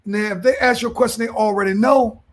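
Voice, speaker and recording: A man, co-hosting a podcast in loud, profane, animated casual chat. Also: high voice, quick pace. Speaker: podcast co-host.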